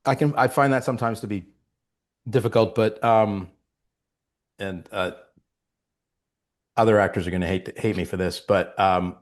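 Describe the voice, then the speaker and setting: A man with a fairly low voice tells behind-the-scenes stories in an interview. He talks casually, with restarts, and acts out what people said. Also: moderate pace, long pauses. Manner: animated storyteller, acts out quotes. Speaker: actor guest. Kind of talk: storytelling interview.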